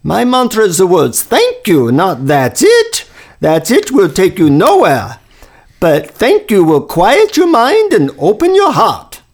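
A man putting on a solemn old guru with an Indian accent, raised well above his own pitch and pressing every point. The voice carries a gravelly edge and stays loud and insistent throughout. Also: wildly swooping pitch, slow, exaggerated voice. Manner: emphatic, insistent teaching tone.

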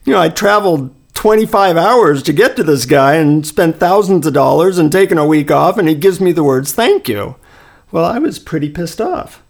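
A man with a gravelly, creaky voice telling a long personal story in casual chat. He talks at an easy, anecdotal pace, filling pauses with little verbal fillers. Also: a little high, animated.

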